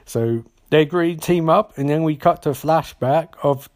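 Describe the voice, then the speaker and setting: A male podcast host recaps in a loose, comedic ramble, tripping over restarts and swearing freely. His voice sits a little higher than most men's. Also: normal speed, a little mellow.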